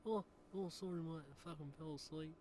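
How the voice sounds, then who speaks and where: A half-asleep, drugged-out man slurs along in a quiet mumble and tags mate onto everything, as a man puts the voice on for a stream. The voice sits somewhat high, with a faint hiss in the background. It stays drowsy and loose for a comedic gaming-stream bit. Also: a little fast, lightly acted. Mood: groggy.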